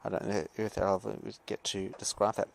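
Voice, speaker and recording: A man's voice: lowish voice, level tone, a little fast, creaky. A male teacher giving a podcast lecture. He reads passages and comments on them in a rambling, hesitant way, with many fillers and asides.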